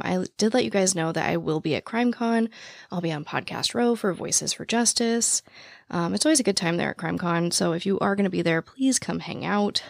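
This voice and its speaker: A woman hosting a podcast after-show chats casually, talking very fast, out of breath, excited and rambling. Her lowish voice is naturally raspy with vocal fry, captured on a standing studio microphone in a clean, dry recording.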